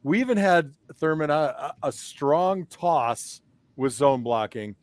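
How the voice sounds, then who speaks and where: A man's voice: on the high side, animated, slow, dry recording. Joking man with a raised voice. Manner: joking, teasing banter. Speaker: co-host, former football player. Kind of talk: casual sports talk show.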